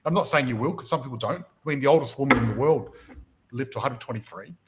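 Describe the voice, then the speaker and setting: In a quick, medium-pitched voice, a podcast host who mentors people on property shares energetic stories, repeatedly stumbling and restarting at the start of sentences, over a low-quality recording.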